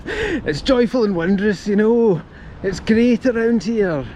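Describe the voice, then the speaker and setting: A man doing a high sing-song Scottish comedian impression. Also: expressive, takes it slowly, darkish tone. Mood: gleeful. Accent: exaggerated Scottish. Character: comic impression of an older Scottish male comedian. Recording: outdoor street noise, traffic.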